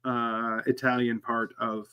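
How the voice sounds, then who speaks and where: A man from Canada co-hosting a casual show, teasing and trailing off into quiet asides. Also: mid-range voice, flat delivery, takes it slowly, muffled recording. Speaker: cooking show co-host. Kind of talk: casual banter.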